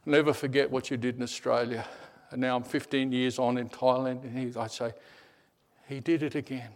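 Animated man preaching with stories. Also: medium pitch, fairly quick. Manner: animated storyteller, repeats words, drops to a hush. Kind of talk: sermon with personal storytelling.

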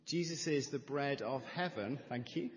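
A middle-aged man preaching a sermon as pastor, measured and emphatic, building with repeated phrases. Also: medium pitch, a little hiss or hum. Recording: reverberant church hall.

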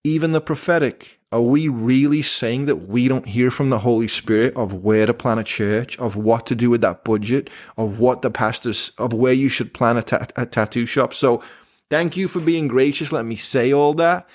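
A man with a mid-range voice hosts a podcast in casual conversation. He talks in an animated way, often retelling what other people said. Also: mid-range voice, normal speed. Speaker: podcast host.

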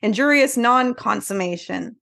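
A woman's voice: on the high side, normal speed, creaky, fairly bright tone. A woman co-hosting a casual podcast, loose and wisecracking, laughing as she reads her notes. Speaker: podcast co-host.

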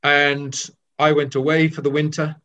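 An older man from Wales telling candid stories of his cricket career, lively and with frequent restarts. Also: a little high, normal speed, lo-fi sound. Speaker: former cricketer. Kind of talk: reminiscing storytelling.

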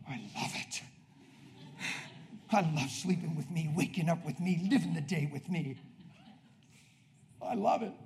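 A man preaching a passionate sermon in a church, swinging from shouted bursts to quiet, confiding asides. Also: medium pitch, slight background noise.

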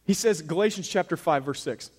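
A man preaching from the pulpit, his voice sitting a little higher than most men's. He speaks to the congregation like he is talking to each of them, pressing hard on key points and then dropping to almost a murmur. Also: fairly quick, breathy edge. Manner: conversational preaching, swings from loud emphasis to hushed asides. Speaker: pastor. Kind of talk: sermon. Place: church sanctuary.

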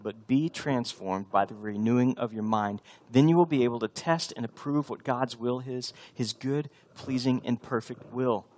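A male pastor in his thirties preaching a sermon, conversational and often building to emphatic repetition. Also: mid-range voice.

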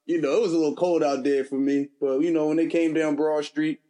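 A man co-hosting a podcast, talking in a relaxed, slangy way and laughing often. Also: on the high side, brisk. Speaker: podcast co-host. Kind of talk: casual chat.

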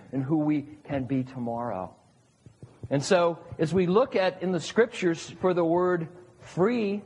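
A man's voice: a little high, slightly rough. A male pastor giving a sermon at a church service in a conversational way, asking his listeners questions. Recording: long reverb of a large hall.

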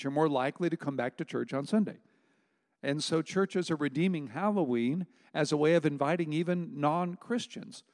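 A middle-aged pastor preaching in a conversational way, his slightly high voice edged with gravel. He stresses single words with pauses, and a long reverb trails each phrase through the sanctuary. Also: darkish tone. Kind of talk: sermon.

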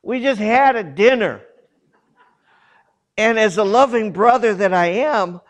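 Man, missionary, storyteller, grew up in Korea, lively pitch, slightly high voice. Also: a little slow. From grew up in South Korea. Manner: animated anecdote with quoted voices, chuckling. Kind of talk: storytelling talk.

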